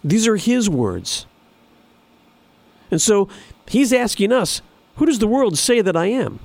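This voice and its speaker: A man's voice: sits high, very animated, a little slow, vocal fry, a little mellow, no room sound. A man preaching a sermon in an earnest, emphatic way, repeating phrases for stress. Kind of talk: sermon with scripture reading.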